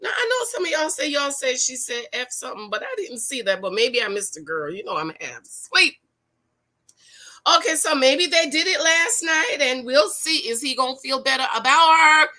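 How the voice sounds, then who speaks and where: Lady gossiping about a tv show, sassy, bright sharp voice, bit high. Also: very animated, normal speed. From Jamaica. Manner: chatty, sassy, laughs and asks viewers questions. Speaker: reality show recap vlogger. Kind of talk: casual reaction commentary.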